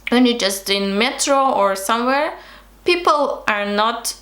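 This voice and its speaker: A woman's voice: fairly high pitch, animated, unhurried, fairly bright tone, roomy sound. A young woman from Russia with a Russian accent, chatting casually to camera with hesitant fillers and restarts. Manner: hesitant, lots of fillers and restarts, frequent laughs. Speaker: vlogger.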